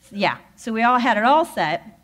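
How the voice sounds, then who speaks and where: Animated woman telling a story. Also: on the high side, moderate pace. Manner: animated storyteller who acts out quoted voices. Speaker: guest speaker at a spiritual center. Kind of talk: storytelling talk.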